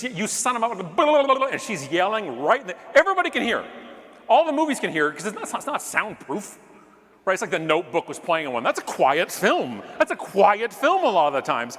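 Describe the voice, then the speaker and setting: A middle-aged man from Canada giving a comedic keynote, telling a story animatedly, acting out yelling voices, with jokey asides. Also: on the high side. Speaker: keynote speaker. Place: large conference hall stage. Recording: long hall reverb, faint room noise.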